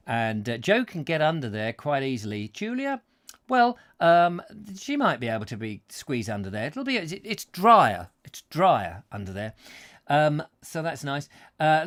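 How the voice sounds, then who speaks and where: An English man hosts a live chat show and reads out viewers' messages. His voice is a little high and a bit bright. He's playful and jokey, slipping into silly voices and sound effects.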